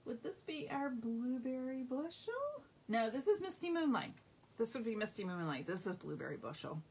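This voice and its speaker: A woman's voice: a little high, very animated, normal speed, darkish tone, slightly rough. A middle-aged woman hosting a casual live craft showcase, gushing enthusiastically over her products. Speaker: craft demonstrator.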